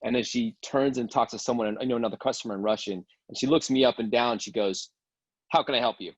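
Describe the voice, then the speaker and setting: A man's voice: medium pitch, steady tone, fast, husky, no room sound, lo-fi sound. A man casually telling a long travel story on a video call, rambling with many fillers and restarts. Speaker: game participant sharing a travel story.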